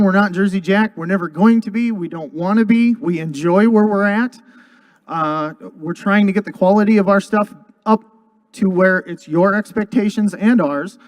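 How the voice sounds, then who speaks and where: A man's voice: fairly high pitch, a little mellow. A man presenting his company at a convention seminar, joking and heartfelt as he rambles through the year's news on a handheld mic.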